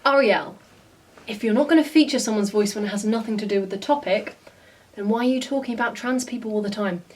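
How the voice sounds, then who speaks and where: A woman's voice: mid-range voice, fast talker, a little mellow, recorded from a distance. A woman vlogger giving casual reaction commentary, blunt and exasperated, often swearing.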